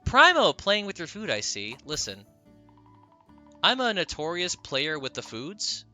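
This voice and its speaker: A man's voice: a little high, huge pitch swings, measured pace, bright, forceful tone, soft background music. A man streaming a video game, chatting playfully with his viewers and giggling at his own jokes. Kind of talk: casual live-stream chat while gaming.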